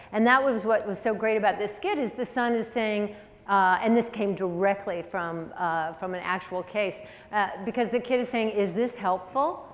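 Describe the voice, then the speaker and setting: A middle-aged woman psychologist giving a lively, conversational public lecture to parents, often asking the audience questions. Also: medium pitch. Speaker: speaker, psychologist. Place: high school auditorium. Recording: long hall reverb.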